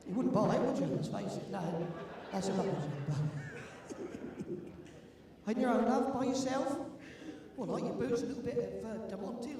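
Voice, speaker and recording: High-pitched older London man cracking jokes. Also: dark tone. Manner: jokey, teasing, chatty with the audience. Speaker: event compère. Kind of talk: cheeky crowd banter. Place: large indoor sports arena. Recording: echoey hall from far off, with room noise.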